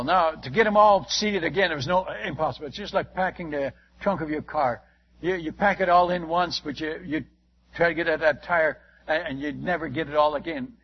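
High-voiced husky man telling a story. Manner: lively, exclamatory, many restarts. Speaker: missionary preacher. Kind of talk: anecdotal storytelling to a listener. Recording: dull lo-fi recording.

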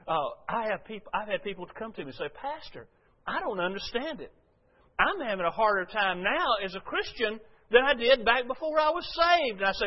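Older male pastor preaching, folksy and high. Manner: folksy storytelling, shifts from loud to quiet. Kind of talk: sermon. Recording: dull lo-fi sound.

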